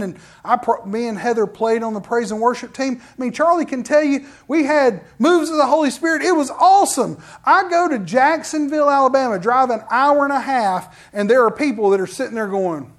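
A middle-aged man, a pastor telling personal stories in an animated sermon and acting out quoted voices. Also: extremely high pitch. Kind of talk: storytelling sermon.

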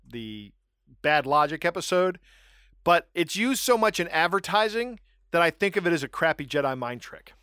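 A man chatting casually on a podcast, slipping into animated, self-mocking asides as he tells stories. His voice sits a bit high for a man. The recording is dry and close. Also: clean tone, no room sound. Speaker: podcast co-host. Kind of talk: casual chat.

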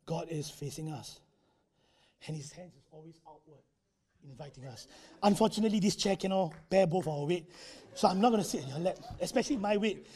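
A male preacher delivers a conversational sermon in a church. His voice is high, husky and dark-toned. He acts out little quotes and drops tag particles as he goes. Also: animated, brisk.

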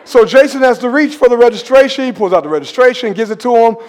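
High-voiced man preaching in a reverberant church hall. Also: fast. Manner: animated, conversational preaching, drops to hushed emphasis. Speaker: pastor. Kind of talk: storytelling sermon. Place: church sanctuary.

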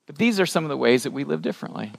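A man preaching a sermon as a pastor, animated and rising to emphatic peaks, asking the congregation questions. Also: fairly high pitch, very fast, vocal fry. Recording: long hall reverb.

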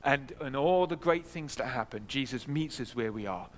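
A man's voice: mid-range voice, expressive, normal speed. A man preaching a sermon in a church, earnest, repeating key phrases for emphasis. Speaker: pastor. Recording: long hall reverb.

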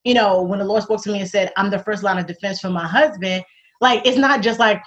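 A woman as an interview guest in casual faith-centred chat, animated and laughing often, acting out the voices she quotes. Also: mid-range voice, fairly quick. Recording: dull lo-fi recording.

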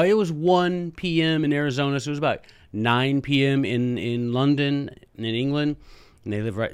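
A man hosting a podcast, telling a story in a chatty, animated way with jokey asides. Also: mid-range voice, clean tone, no room sound. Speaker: podcast host and teacher. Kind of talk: casual storytelling monologue.

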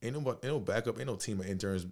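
A young man in his twenties, telling a story in a casual chat, slangy and animated, acting out the dialogue. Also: lowish voice, very fast. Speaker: podcast guest.

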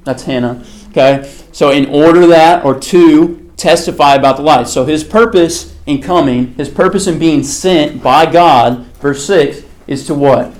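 A man's voice: on the high side, unhurried. A man teaching a casual Bible study class. He talks conversationally, poses questions to the group and answers them himself, with many fillers like "okay" and "like.".

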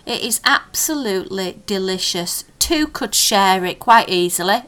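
A woman's voice: mid-range voice, animated, a little slow, few pauses, sharp tone. A woman co-hosting a podcast, chatting casually and enthusiastically about favourite snacks. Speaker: podcast co-host. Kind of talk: casual chat.

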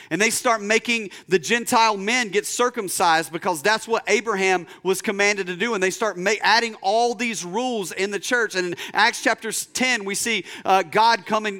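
A young pastor delivers a sermon, narrating a story and performing its characters' voices. He sinks low and slow to stress key points, and his voice sounds pushed and bright.

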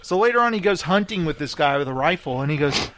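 A man's voice: fairly high pitch, fast talker, no echo. A man hosting a podcast, animatedly retelling TV scenes in casual chat and laughing often. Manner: animated storyteller acting out quotes, laughs often. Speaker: podcast host. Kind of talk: casual chat recapping TV shows.

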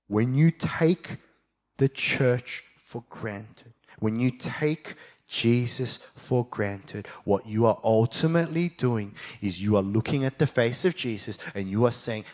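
A young adult man preaching a sermon as a pastor, moving from quiet reflection to fired-up passion. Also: lowish voice, unhurried.

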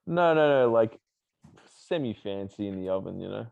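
Lively, filler-heavy man chatting. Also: on the low side, moderate pace, creaky, muffled recording. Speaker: podcast co-host. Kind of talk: casual chat.

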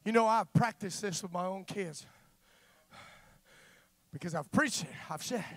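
A man preaching a sermon, moving from slow, quiet talk to loud, impassioned shouting and filling pauses with "uh". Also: high-pitched, no room sound. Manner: fills pauses with frequent "uh". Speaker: father.

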